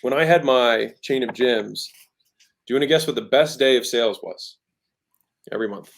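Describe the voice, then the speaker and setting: A man's voice: medium pitch, normal speed, vocal fry, slight background noise. A man in his thirties, a podcast guest talking casually about sales, emphatic and often shifting his tone to make a point. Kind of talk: conversational teaching about sales.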